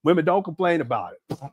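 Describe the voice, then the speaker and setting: Animated laughing man, high lively voice. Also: husky, no room sound, clean studio sound. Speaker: commentary host. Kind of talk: casual reaction commentary.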